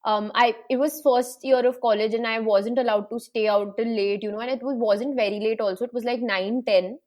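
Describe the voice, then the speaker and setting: Young woman, guest, animated storytelling, slightly high pitch. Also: brisk. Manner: animated storyteller, acts out quoted voices. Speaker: panel guest. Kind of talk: casual storytelling in a panel chat.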